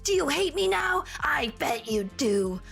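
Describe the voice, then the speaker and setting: Lady doing a loud bold convert boy yelling, pitched up high. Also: very animated, measured pace, vocal fry, faint music behind, exaggerated voice. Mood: zealous. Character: loud zealous new-convert teen boy.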